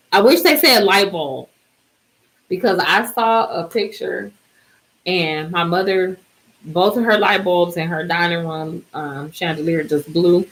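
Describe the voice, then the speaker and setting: A worn-out woman talks to her viewers in a loose, rambling way, trailing off and restarting her thoughts. Her voice sits a little low and sounds sleepy. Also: poor audio. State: exhausted, yawning. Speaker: DIY vlogger. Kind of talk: casual chat.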